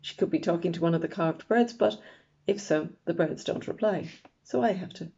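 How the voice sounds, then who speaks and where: A woman reading a novel aloud in a wry, deadpan first-person narration, in a dull lo-fi recording. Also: fairly low pitch, moderate pace, vocal fry. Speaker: audiobook narrator.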